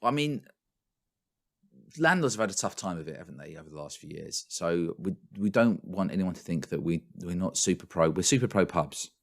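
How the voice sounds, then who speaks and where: A man co-hosting a casual podcast, telling stories in an animated, rambling way with frequent laughs. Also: low-pitched, a little fast, gravelly. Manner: animated, rambling storyteller who laughs often. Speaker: podcast co-host. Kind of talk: casual chat. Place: home in London.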